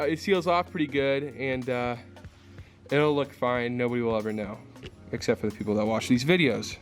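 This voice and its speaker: Young male DIY vlogger, easygoing, rambling delivery, mid-range voice, faint music underneath. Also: mid-range voice. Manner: relaxed, rambling, many fillers. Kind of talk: casual vlog narration.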